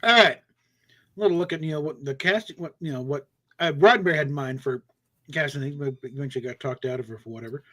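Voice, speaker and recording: A man's voice: on the high side, fast, fairly bright tone. Rambling man on a casual stream. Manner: rambling, many fillers and restarts. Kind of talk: casual chat.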